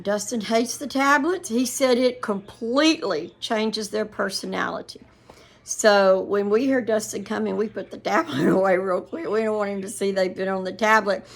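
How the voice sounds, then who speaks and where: A woman's voice: medium pitch, vocal fry, a bit bright. An older woman, chatting casually to her viewers and rambling through family stories. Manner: rambling storytelling with laughs. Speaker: vlogger.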